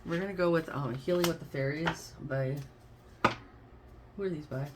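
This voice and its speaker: A woman's voice: deep voice, moderate pace, background noise. A woman giving a casual, effusive tarot reading, chatting to her listeners as babes and y'all. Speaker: tarot card reader.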